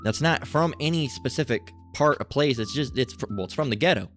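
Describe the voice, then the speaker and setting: A man's voice: medium pitch, expressive, brisk, a bit bright, faint music behind. A man giving casual religious commentary with an itchy throat, rambling and swearing, full of fillers and asides.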